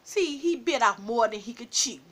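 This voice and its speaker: A woman vlogger telling a personal story in a casual, animated way, laughing often and calling her listeners baby. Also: fairly high pitch, moderate pace.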